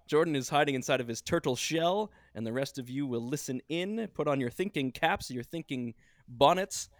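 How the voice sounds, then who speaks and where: A man hosting a casual podcast trivia quiz, teasing the players and reading the questions out slowly. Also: fairly high pitch, no room sound, clean studio sound.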